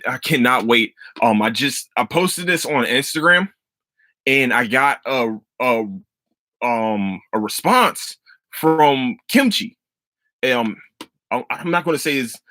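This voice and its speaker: Excitable, swearing man with bright tone. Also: mid-range voice, no echo. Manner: loose, profane, excitable storytelling. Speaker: podcast host. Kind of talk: casual solo podcast chat.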